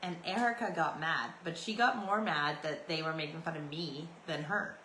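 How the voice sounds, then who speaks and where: Chatty Canadian woman, bright and low. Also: normal speed, roomy sound, a little hiss or hum, rough recording. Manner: chatty, meandering, loose and storytelling. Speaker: podcast host. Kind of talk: rambling solo podcast chat.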